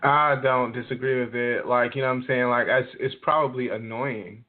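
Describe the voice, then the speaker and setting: A man's voice: mid-range voice, normal speed. A man co-hosting a podcast, ranting casually with lots of swearing and fillers. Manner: profane, animated ranting with many fillers. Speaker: podcast co-host. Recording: tinny phone-line sound.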